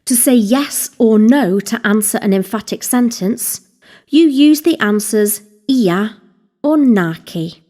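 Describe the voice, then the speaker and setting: Woman tutor, mellow higher voice, deliberate scripted lesson delivery. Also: lively intonation. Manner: slow, deliberate, spelling out vocabulary. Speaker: Welsh language teacher. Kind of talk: scripted instructional narration.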